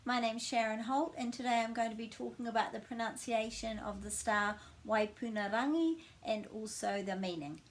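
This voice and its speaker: A woman giving a pronunciation lesson, modelling each sound slowly and repeating it. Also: fairly high pitch, slight background noise. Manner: slow, drawn-out modelling of sounds with repetition. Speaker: language teacher.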